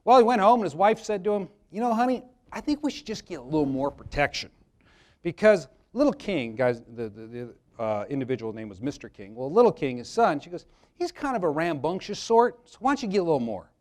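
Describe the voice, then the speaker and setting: A man's voice: a little high, very animated, fairly quick, a little mellow. A man presenting a live workshop, talking conversationally to the audience and telling jokey anecdotes about insurance. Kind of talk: live seminar talk with anecdotes.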